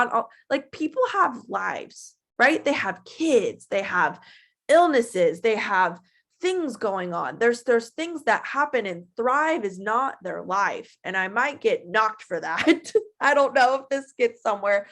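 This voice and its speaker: A woman in her twenties giving a casual, animated motivational talk to her team, chatty and full of feeling. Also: fairly high pitch, takes it slowly. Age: 20s. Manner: animated and chatty, acting out her own past voice.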